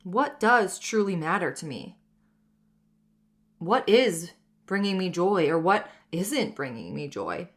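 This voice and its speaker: Woman podcast host, thirties, candid and reflective, slightly low voice. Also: very animated, slow. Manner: candid and reflective, with frequent "like" and "you know". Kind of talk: personal wellness podcast monologue.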